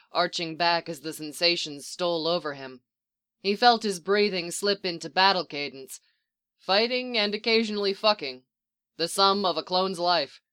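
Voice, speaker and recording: Bright, crisp storytelling narrator. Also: medium pitch. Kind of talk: audiobook reading of fan fiction.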